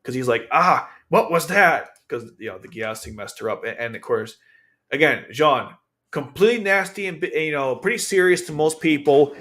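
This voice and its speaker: A channel host who reviews anime gives casual commentary over video, summarizing an episode in a loose, meandering way with many fillers and restarts. He talks at a moderate pace in a medium-pitched, fairly bright voice.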